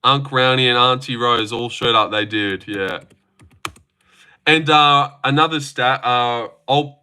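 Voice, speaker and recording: Bright-voiced young man chatting on stream. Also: medium pitch, takes it slowly, clean tone. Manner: chatty, joking, swears casually. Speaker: live stream host. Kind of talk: casual live stream chat reading comments. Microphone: phone.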